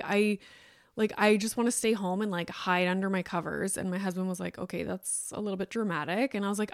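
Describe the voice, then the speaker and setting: A woman's voice: medium pitch, dry recording, studio quality. A woman in her thirties hosting a podcast alone, talking in a candid, rambling way with lots of fillers. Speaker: podcast host. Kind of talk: casual solo podcast chat.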